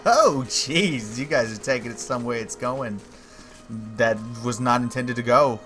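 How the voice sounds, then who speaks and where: A male game streamer reads the story text aloud in a measured way, then drops into casual, wry jokes. His voice sits at an ordinary middle pitch. Faint music plays underneath. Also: animated, a bit bright. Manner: jokey, wry asides. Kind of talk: livestream gameplay commentary, reading game text aloud.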